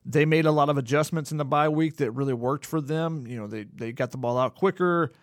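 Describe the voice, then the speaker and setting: A man's voice: fairly high pitch, fairly quick, no echo, clean studio sound. A man co-hosting a sports podcast, breaking down plays in a detailed, analytical way. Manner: detailed, analytical, occasional repeated words. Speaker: podcast co-host.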